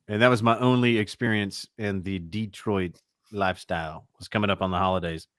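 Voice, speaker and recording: A man's voice: on the low side, fairly even intonation, a little fast, a bit bright, no room sound. Swearing joker guy on an election night stream, dry close mic. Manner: crude, joking, profane. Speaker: livestream co-host. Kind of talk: casual election-night chat.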